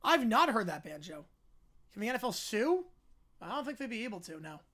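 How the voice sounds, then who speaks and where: A livestream host who talks fast, calling a basketball game play by play while answering chat, and getting louder on big plays. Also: mid-range voice, very animated. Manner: fast-talking.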